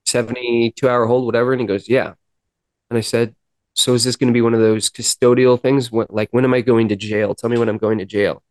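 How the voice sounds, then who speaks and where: A man guest on a podcast, earnestly telling a personal story and acting out dialogue, with halting restarts. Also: medium pitch, level tone, no echo. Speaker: podcast guest, musician in recovery. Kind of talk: personal storytelling in a sit-down interview.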